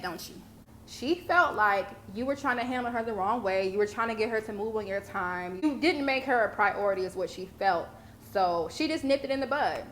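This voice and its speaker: A woman's voice: mid-range voice, lively intonation, moderate pace. A young woman giving blunt, profane commentary in a casual, sassy way. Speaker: vlogger commentator.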